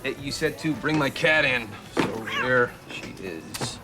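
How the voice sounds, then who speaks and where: A man's voice: medium pitch, lively intonation, over music, lightly acted. An actor playing an awkward cat owner who rambles and halts as he flirts. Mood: flirty. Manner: halting, rambling.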